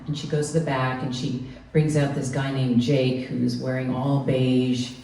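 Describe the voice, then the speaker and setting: Low, mellow woman telling a story on stage. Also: a little slow, vocal fry. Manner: animated, acts out the people she quotes. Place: live storytelling event. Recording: echoey room, mic from far off, faint noise.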